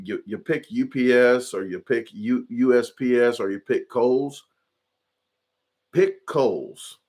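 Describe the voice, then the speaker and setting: A man hosting a casual livestream, rambling chattily and reading chat comments aloud. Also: medium pitch. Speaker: livestream host.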